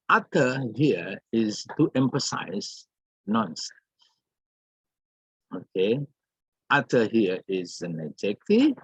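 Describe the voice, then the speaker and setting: A man's voice: lowish voice, breathy edge, no room sound, muffled recording. A man teaching an English grammar lesson, calling on the class and repeating each example sentence with frequent hesitations.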